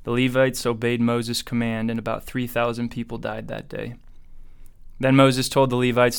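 A man reads scripture aloud in a very smooth, resonant voice. His pitch stays almost level from line to line. The reading is steady and even throughout. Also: moderate pace. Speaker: Bible reader.

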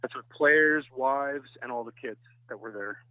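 A man from Canada, a softball pitcher, telling rambling anecdotes as a podcast guest. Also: normal speed, no echo. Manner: rambling anecdotes with many restarts. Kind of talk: casual chat, storytelling. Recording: tinny phone-like line, dry.

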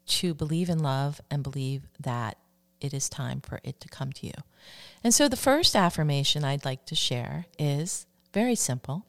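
A woman hosting a self-help show, calmly coaching listeners and leading them through repeated affirmations. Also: low voice. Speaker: radio show host. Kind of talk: self-help talk on love and relationships.

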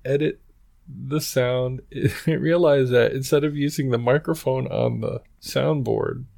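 A man's voice: mid-range voice, steady tone, a little slow, gravelly, mellow. A man co-hosting and editing a podcast, chatting casually in a rambling, apologetic way and often laughing as he talks. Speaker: podcast co-host and editor. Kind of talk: casual chat.

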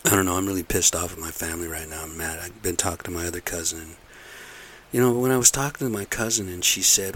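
A man's voice: low voice, quick pace, a bit bright, a little hiss or hum. A middle-aged man in a casual, rambling monologue, blunt and aggrieved, repeating himself as he rants. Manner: aggrieved, blunt, repetitive ranting.

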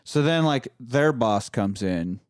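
A man recapping a film's plot in casual chat, animated and crude. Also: medium pitch, slow pace, dry recording, studio quality. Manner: animated storytelling with crude humor. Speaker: podcast host recapping a film.

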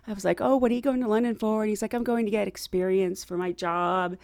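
A middle-aged American woman telling a travel story in a chatty, animated way, laughing often and acting out what she and others said. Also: mid-range voice, quick pace, no room sound, clean studio sound. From United States.

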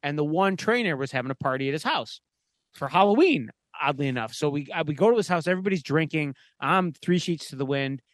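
A man's voice: fairly high pitch, animated, quick pace, dry recording. A man co-hosting a podcast, telling a casual, profane, rambling story full of "like" fillers. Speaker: podcast co-host.

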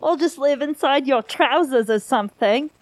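A woman's voice: high voice, normal speed, natural voice. A woman voicing a flirtatious, posh middle-aged British prince in a comedic reading, with a put-on plummy upper-class accent. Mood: flirty.

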